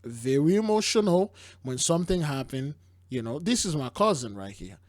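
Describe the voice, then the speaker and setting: A man's voice: on the high side, sing-song, normal speed, no echo, clean studio sound. A man hosting a casual commentary, rambling, stumbling over words and exclaiming as he reacts to news clips. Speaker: host.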